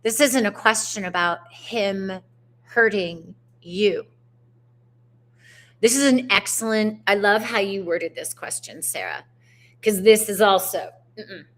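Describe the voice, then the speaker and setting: A woman in the middle of a live tarot reading, talking slowly and easily. Her pitch sits in a middle range, and she is chatty and animated, mixing spiritual language with slang and the occasional curse. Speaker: tarot reader. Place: home on a mountainside.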